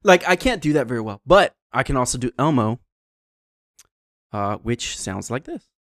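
A young man co-hosting a podcast in a relaxed, rambling chat. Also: medium pitch, moderate pace, no echo, clean studio sound. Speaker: podcast co-host. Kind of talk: casual chat.

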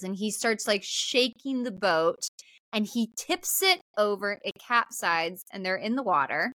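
A lively woman co-hosting a podcast, telling a movie plot in a chatty, animated way and slipping into quoted voices. Her voice sits at a medium pitch and is recorded close and dry. There is no room sound around it. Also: a little slow, dry recording. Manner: animated storyteller, acts out quotes. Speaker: podcast co-host. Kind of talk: casual film recap chat.

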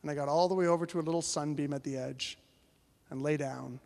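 A male pastor preaching a sermon as a lively story, acting out the voices of the people in it. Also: on the high side, quick pace, gravelly, long reverb tail.

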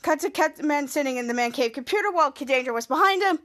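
A woman hosting a podcast, casually recapping a TV episode in a halting way, often restarting and repeating words. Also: sits high, animated, a bit bright. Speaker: podcast host.

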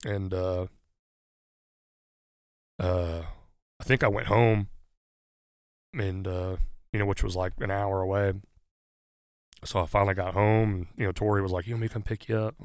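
A firefighter, telling a personal story in casual conversation, pausing often with fillers. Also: male voice, deep voice, fairly even intonation, clean tone, no echo, clean studio sound. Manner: halting, many "uh" fillers, earnest. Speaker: guest, firefighter.

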